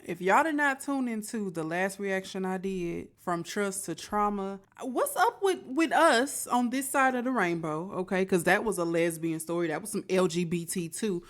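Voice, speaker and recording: A woman's voice: medium pitch, lively intonation, moderate pace, hardly any pauses. A woman hosting a reaction show, chatting casually and speaking directly to her viewers. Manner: chatty, talks straight to viewers.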